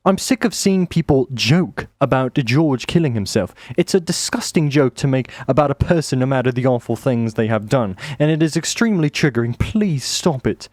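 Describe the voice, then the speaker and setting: A man's voice: medium pitch, expressive, moderate pace, few pauses, darkish tone, dry recording. Man, commentary YouTuber, ranting, sarcastic, dry voice. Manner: ranting, sarcastic, mild swears. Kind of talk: reaction commentary.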